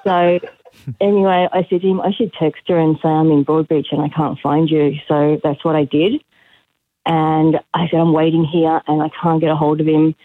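A woman calling a radio show, retelling a story at a brisk pace with an exasperated edge. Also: low voice, level tone, no room sound. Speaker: caller. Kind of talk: phone-in anecdote. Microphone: phone line. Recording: tinny phone line.

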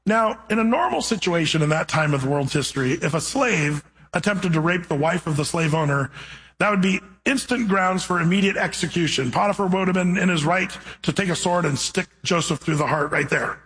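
A man preaching a sermon, reading scripture and then retelling the story with animated, playful asides. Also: high-pitched, fairly quick, rough recording.

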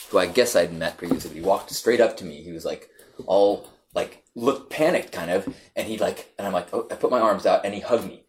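A man telling a story in casual chat, animated and halting, with many repeats and fillers. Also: on the low side, a little hiss or hum.

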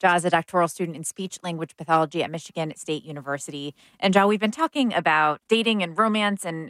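Woman host, very low voice, calm questions, dry sound. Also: no room sound. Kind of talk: interview questions.

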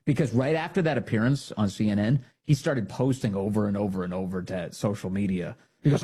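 A man hosting a talk radio show, giving animated, sarcastic and emphatic opinion commentary. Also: on the low side, a little fast, few pauses, slightly rough.

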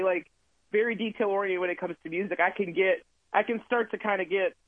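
A man's voice: high voice, dry recording. Man on a tinny phone line. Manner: rambling, friendly, many fillers. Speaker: touring musician guest. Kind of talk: casual interview chat. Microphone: phone call.

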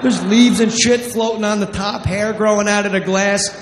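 A man's voice: sits high, steady tone, normal speed. A man from New Jersey doing brash, profane stand-up comedy on stage. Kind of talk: stand-up storytelling. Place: comedy stage in a large hall. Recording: echoey live hall, faint noise.

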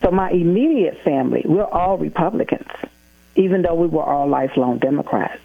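A woman with a low voice, heard over a narrow, tinny phone-like line. She talks emphatically and builds her points in rhythmic, repeated lists. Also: expressive, a little fast, creaky, slightly rough. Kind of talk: casual conversation.

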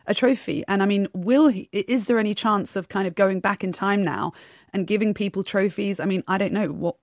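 A woman speaks as a studio guest on a radio panel in a chatty, musing way. Her voice sits at a middle pitch. The sound is dry and close. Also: brisk, no room sound. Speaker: studio guest, football fan.

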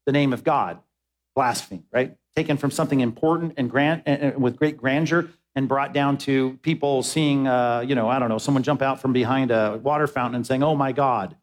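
A man's voice: mid-range voice, brisk. A man preaching a sermon as pastor, emphatic, repeating words as he presses his points.

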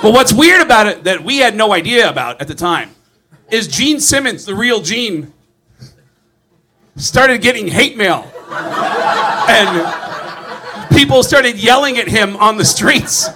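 A male comedian telling a story in an animated way, laughing through his words and swearing freely. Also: high-pitched, a little slow, long pauses, crowd noise.

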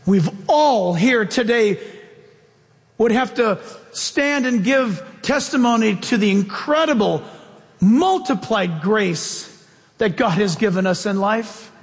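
Man, pastor, sermon, high voice, animated storytelling, reverberant hall. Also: takes it slowly.

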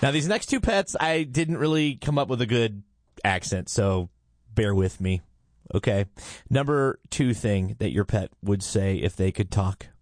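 A man's voice: lowish voice, animated, a little slow, no room sound, clean studio sound, a faint crowd. A man hosting a morning radio show in casual, playful chat, rambling and poking fun at himself. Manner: playful, rambling, self-mocking.

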